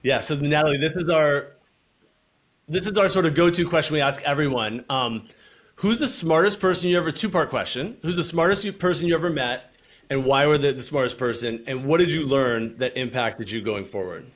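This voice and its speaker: A man's voice: on the high side, a little fast. A man hosting a podcast interview, asking long, rambling questions that restart midway. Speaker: podcast host.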